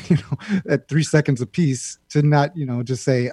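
A male guest telling stories in a casual chat, lively and acting out the voice in his head. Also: on the high side, normal speed, no room sound. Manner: animated storyteller, acts out an inner voice. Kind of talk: casual storytelling.

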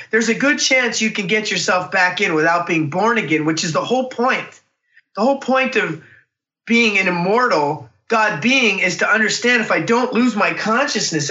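A man telling a personal story in an animated, intense way. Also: high-pitched. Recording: roomy, distant, dull recording.

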